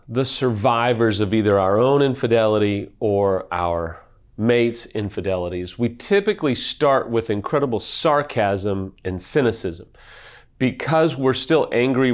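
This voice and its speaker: A man speaking as an affair recovery expert in a video talk, earnest and emphatic, telling a personal story. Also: medium pitch.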